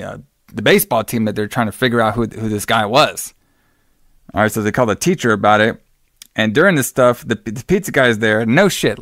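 A man's voice: mid-range voice, vocal fry, fairly bright tone, dry recording, studio quality. A man hosting a podcast alone, recapping a film in a loose, profane way with lots of fillers. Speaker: podcast host. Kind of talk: casual movie recap.

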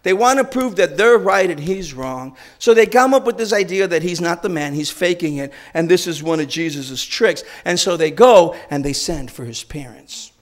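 A male preacher retells a story with animated, conversational energy. His voice sits high for a man. He delivers it as a storytelling sermon. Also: normal speed, hardly any pauses. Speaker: guest preacher.

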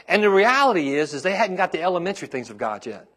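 A man's voice: sits high, sing-song, quick pace, fairly bright tone. A man, a pastor preaching a sermon to his congregation and calling out to them as his intensity rises.

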